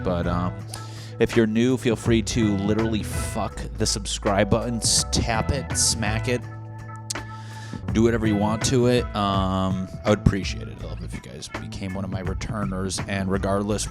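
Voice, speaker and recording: Brash, joking young man podcasting. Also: on the low side. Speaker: podcast host. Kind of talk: casual solo podcast monologue. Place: apartment room.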